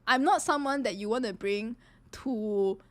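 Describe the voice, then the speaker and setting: A woman's voice: on the high side, unhurried, dry recording. A woman streamer chatting casually while reacting to game scenes, giggling easily and apologizing often. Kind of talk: casual live-stream chat.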